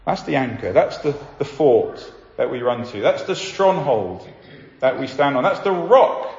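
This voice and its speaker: A man preaching a sermon, earnest, slowing down to stress key points. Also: medium pitch, lively intonation, a little mellow. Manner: earnest, slows down for emphasis. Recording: echoey hall, slightly dull sound.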